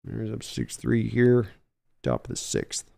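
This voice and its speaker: A man hosting a live stream reaction to a baseball game. He calls the plays with excitement and chats casually while reading messages from his viewers. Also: on the low side, normal speed, creaky. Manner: excitable home run calls, chatty while reading chat. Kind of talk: casual live play-by-play and chat.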